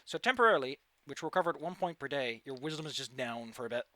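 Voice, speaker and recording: A man's voice: mid-range voice, animated, quick pace, pushed and bright, no room sound. A man running a tabletop game as game master, chatty and laughing often as he narrates.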